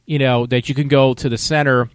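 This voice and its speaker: A man's voice: medium pitch, little pitch movement, a little fast, clear, resonant tone, no echo, clean studio sound. A man vlogging a casual movie review, talking in a rambling, loose, conversational way.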